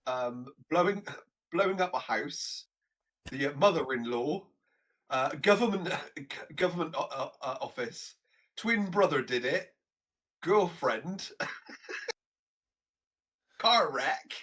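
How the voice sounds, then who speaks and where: A man co-hosting a movie podcast, talking in halting bursts and laughing often as he recalls scenes. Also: fairly high pitch, expressive, fairly bright tone. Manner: halting, laughs often, loses his train of thought. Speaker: podcast co-host. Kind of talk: casual movie review chat.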